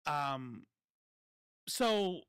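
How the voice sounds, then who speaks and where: A man's voice: on the high side, very animated, very slow, fairly bright tone, clean tone, no room sound. A man giving casual, profane political commentary that rambles, stopping and restarting often.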